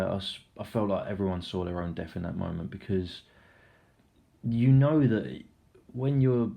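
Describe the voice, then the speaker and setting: A man's voice: sits low, vocal fry, dark tone. A young man casually recapping a film, rambling, swearing freely and acting out the scenes. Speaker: film reviewer.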